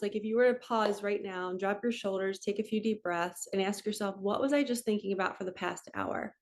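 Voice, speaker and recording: Speaking with a medium-pitched voice, a woman in her 40s who works as a spiritual coach chats casually with her viewers, her tone gentle and reflective.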